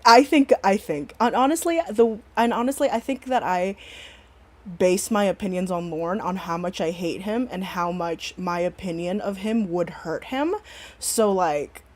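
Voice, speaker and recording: A woman's voice: mid-range voice, unhurried. Blunt, profane woman host on a stream. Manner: blunt and profane, rambling with many restarts. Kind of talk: casual chat.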